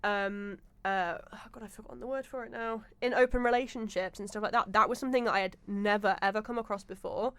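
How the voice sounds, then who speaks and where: A young woman guest on a podcast, talking casually at a mid pitch. She tells stories in a lively way, using lots of fillers and acting out what people said. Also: quick pace, hardly any pauses, smooth, no echo. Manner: animated storyteller, acts out quotes with many fillers. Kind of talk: casual chat.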